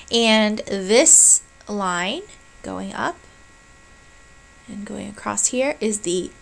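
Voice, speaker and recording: A woman's voice: fairly high pitch, vocal fry, a bit bright, poor audio. A woman giving a recorded college lecture, walking through each point patiently. She often checks in with her listeners before moving on, and now and then says sounds aloud to show what she means. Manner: explanatory, checks in with "right?" and "okay?"; demonstrates baby sounds aloud.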